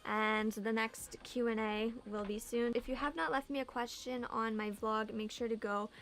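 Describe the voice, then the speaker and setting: A woman's voice: on the high side, steady tone, moderate pace, fairly bright tone. A young woman chatting casually in a home vlog, answering viewer questions and saying "like" a lot. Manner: chatty, heavy use of "like". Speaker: vlogger. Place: home room.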